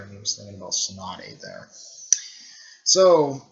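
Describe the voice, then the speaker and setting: A man casually recapping a story in a rambling way, with lots of fillers and frequent throat clearing. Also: fairly low pitch, lively intonation, unhurried, slight background noise. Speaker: video creator recapping a fan series. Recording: dull lo-fi recording.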